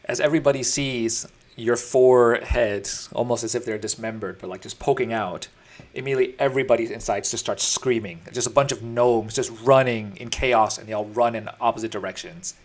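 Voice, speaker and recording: A man's voice: mid-range voice, brisk. A man runs a tabletop game, describing scenes in a loose, easygoing way. He rambles a little, stopping and restarting mid-thought and filling gaps with ums. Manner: casual, rambling narration with many fillers. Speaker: dungeon master.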